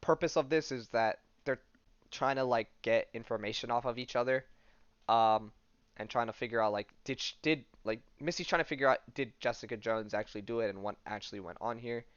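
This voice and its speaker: A man's voice: mid-range voice, fairly quick, clear, resonant tone, no echo, muffled recording. A man hosting a podcast, recapping a comic in a loose, rambling way with lots of "like" and "um". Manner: rambling, full of "like" and "um", paraphrases dialogue loosely. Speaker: podcast host. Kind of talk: casual comic-book recap.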